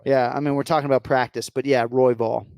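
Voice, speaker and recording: Un hombre con acento estadounidense que co-presenta un podcast, charla informal y bromista. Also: male voice, mid-range voice, fast talker. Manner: teasing, lively, joking. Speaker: podcast co-host. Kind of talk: casual podcast banter.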